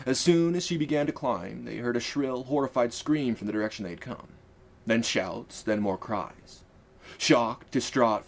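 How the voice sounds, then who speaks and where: A man narrating his own fantasy audiobook in a wry, casual storytelling manner. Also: lowish voice. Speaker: author and narrator.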